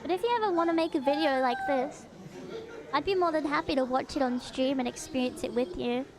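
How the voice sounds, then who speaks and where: A woman streamer chatting live and reacting to what she watches, bubbly and excitable, often gasping in delight. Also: high voice, fairly quick, crowd noise. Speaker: streamer host.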